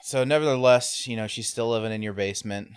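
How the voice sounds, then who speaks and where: A man's voice: mid-range voice, fast, smooth, dry recording, studio quality. A man in his thirties chatting casually, laughing and adding wry, teasing remarks. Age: 30s. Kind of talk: casual chat.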